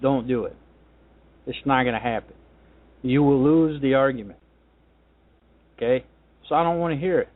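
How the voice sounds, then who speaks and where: A man's voice: medium pitch, normal speed, long pauses. A man hosting a political talk radio show, delivering a combative, ranting monologue. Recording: tinny phone-line sound.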